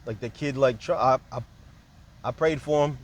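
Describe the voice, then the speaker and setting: A man's voice: medium pitch, moderate pace. A man talking in a loose, rambling monologue, jumping from point to point and peppering his speech with casual fillers.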